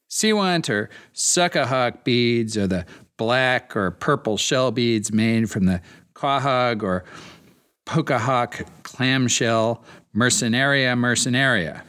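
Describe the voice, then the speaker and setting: A man's voice: lowish voice, fairly bright tone. A man hosting a solo history podcast, reading from notes with dry asides to regular listeners. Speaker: podcast host.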